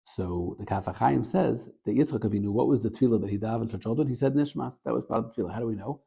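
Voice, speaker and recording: A man, a rabbi and Torah teacher, giving a short Torah talk as an animated storyteller. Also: rapid-fire, vocal fry, slightly rough. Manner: animated storyteller, gets louder and higher at the story's peak.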